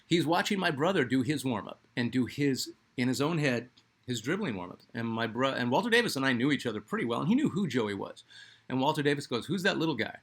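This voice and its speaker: Speaking at a quick pace with a medium pitch and big swings in intonation, a middle-aged sports-channel host from Phoenix, Arizona, US, wanders through a personal story. His delivery is loose and conversational, full of fillers.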